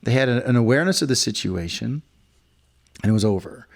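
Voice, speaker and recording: A man's voice: mid-range voice, lively intonation, a little fast, creaky. A middle-aged man co-hosting a casual podcast chat, rambling through a story and acting out what others said. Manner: rambling storyteller, acts out quotes. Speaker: podcast co-host. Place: hotel room.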